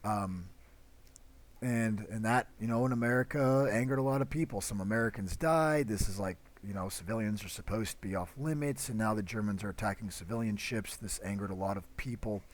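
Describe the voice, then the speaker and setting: A man's voice: lowish voice, a little fast. Man giving a casual, chatty history lecture. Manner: conversational, with many fillers and acted-out quotes. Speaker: history teacher.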